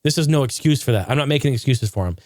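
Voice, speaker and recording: Animated man hosting a podcast. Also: medium pitch, very fast, no echo, studio quality. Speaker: podcast host. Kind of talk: casual podcast talk.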